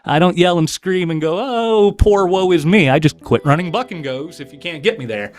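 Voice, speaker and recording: A man's voice: fairly high pitch, fairly quick. A man hosting a casual live-stream sale, chatting with viewers and doing card tricks as he talks. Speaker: livestream seller and breaker. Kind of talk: casual livestream selling patter.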